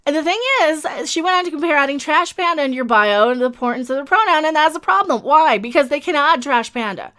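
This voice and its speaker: A woman delivers a fiery commentary rant in a high, bright voice. She hammers her points through repetition and swears freely. Her tone is emphatic and exasperated throughout. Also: expressive, quick pace, hardly any pauses. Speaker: commentary channel host. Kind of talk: ranting video commentary.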